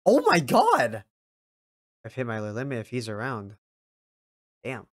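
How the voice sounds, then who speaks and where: Excitable swearing young man, dry sound. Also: medium pitch, takes it slowly, dry recording. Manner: excitable, swears a lot, bursts into loud yells. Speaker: anime reaction YouTuber. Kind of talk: casual reaction commentary.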